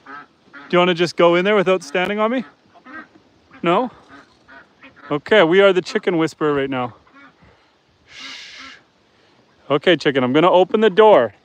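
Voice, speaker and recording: Speaking fairly quickly in a high, smooth voice with long pauses, a homestead host livestreams casually from outdoors on his farm. He chats with viewers and talks to the pigs, goats and chickens around him.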